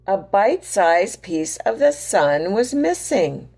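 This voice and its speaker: Animated woman reading a picture book. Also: mid-range voice, slow. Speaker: teacher reading to children.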